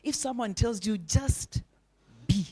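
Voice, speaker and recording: A keynote speaker with a slightly high, warm, breathy-edged voice talks slowly as she gives an inspirational speech at a breakfast event. She's emphatic and repetitive, posing rhetorical questions and leading the audience in call-and-response, having them repeat after her.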